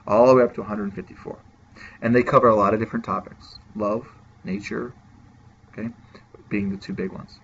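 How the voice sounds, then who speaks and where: A man's voice: on the low side, steady tone, a little fast, long pauses, muffled recording, a little hiss or hum. A man teaching a class, explaining poetry in a casual, direct way and talking straight to his students.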